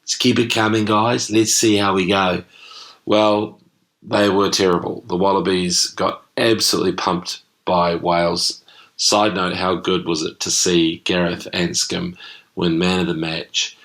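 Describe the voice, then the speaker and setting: New man, deep gravelly voice, casual irreverent podcast chat. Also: a bit bright. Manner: chatty, irreverent storytelling with swearing. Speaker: podcast host. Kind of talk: casual rugby podcast monologue.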